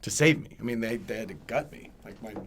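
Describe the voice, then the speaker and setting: A man hosting a podcast who tells a personal story in casual chat and gets loud when he acts out other people. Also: on the low side, quick pace, slight background noise. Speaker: podcast host.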